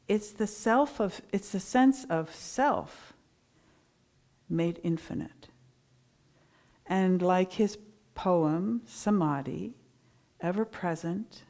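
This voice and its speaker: A middle-aged woman preaching at a Sunday service, spinning a story with animated, lively delivery. Her voice sits a little low for a woman. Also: gravelly. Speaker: minister giving a Sunday talk. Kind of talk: sermon storytelling.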